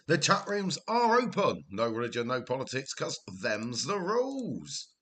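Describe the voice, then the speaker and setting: A man's voice: medium pitch, huge pitch swings, measured pace, a bit bright. A man with a Welsh accent hosting a live game stream, chatting casually, laughing often and telling rambling family stories. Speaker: livestream host. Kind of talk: casual livestream chat.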